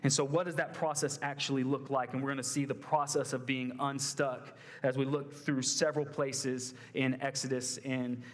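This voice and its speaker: A young man preaching a sermon to a college group in a conversational way, with many fillers and restarts. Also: mid-range voice. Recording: long hall reverb.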